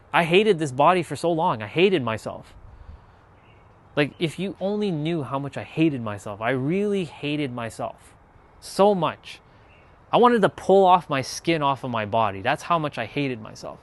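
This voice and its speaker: Guy with a slightly high voice opening up about his spiritual journey, earnest, rambly, keeps restarting sentences. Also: animated, unhurried. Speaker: spiritual content creator. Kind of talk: personal spiritual confession.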